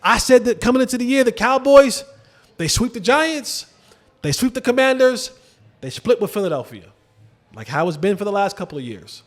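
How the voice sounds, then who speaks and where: A man hosting a sports show, talking casually about football with lively swings and rhetorical questions to viewers. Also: moderate pace. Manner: animated, drops to low emphatic asides, rhetorical questions to viewers. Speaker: sports podcast host. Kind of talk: casual football commentary to camera.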